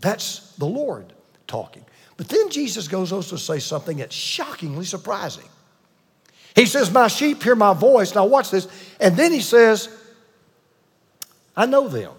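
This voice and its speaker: Older male pastor, high husky voice, preaching in a big reverberant church. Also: very animated. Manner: emphatic preacher with dramatic pauses and asides. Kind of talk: sermon.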